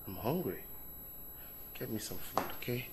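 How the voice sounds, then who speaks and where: An actor with a Nigerian accent playing an excitable, demanding young husband who bursts into loud shouts, heard over a film's music score. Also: male voice, mid-range voice, normal speed, background noise, lightly acted. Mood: hungry, pleading. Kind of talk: film drama acting. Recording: film audio with music score.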